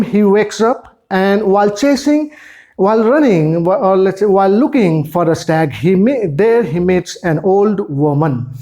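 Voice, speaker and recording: Slow teacher explaining a poem. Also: mid-range voice, warm tone. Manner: slow, repetitive explaining with restarts. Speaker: English teacher.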